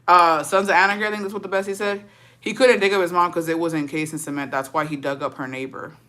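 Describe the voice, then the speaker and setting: A woman's voice: lowish voice, fairly even intonation, quick pace, bright, forceful tone. A woman streamer in casual chat with viewers, telling a story in slang full of swearing and laughter, dropping in words.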